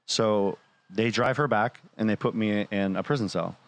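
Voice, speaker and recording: A man's voice: fairly low pitch, normal speed. A man casually telling a personal story, acting out the dialogue and swearing freely. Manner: animated retelling, acting out quoted dialogue.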